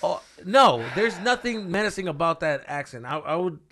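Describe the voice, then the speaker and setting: A man co-hosting a comedy podcast, talking in a casual, profane, animated way with mock voices. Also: high voice, normal speed. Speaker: podcast co-host.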